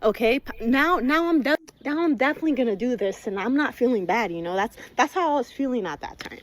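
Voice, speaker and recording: A woman recounts a personal story in a loose, casual voice. She swears freely and bluntly. She slips into quick impressions of other people's lines as she talks. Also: fairly high pitch. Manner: profane, blunt and animated; acts out quoted voices mid-story. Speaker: guest telling a personal story.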